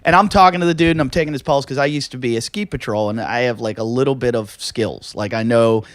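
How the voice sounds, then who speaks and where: A man's voice: medium pitch, quick pace, no room sound, studio quality. A male comedian telling rambling stories on a podcast, swearing freely, laughing often and acting out the people he quotes. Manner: swears a lot, acts out quoted voices. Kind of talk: casual storytelling chat.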